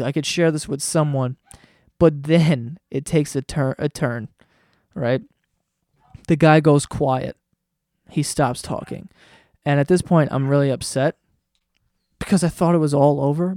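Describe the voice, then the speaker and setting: A man hosting a comedy podcast, telling a story in a casual, excitable way, swearing often and breaking into laughter. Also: a little high, no room sound, studio quality.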